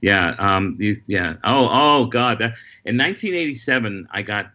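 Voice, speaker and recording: Low-voiced man telling stories on a dull call. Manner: lively anecdotal storyteller, quick asides. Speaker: guest comedian. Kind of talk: casual storytelling chat.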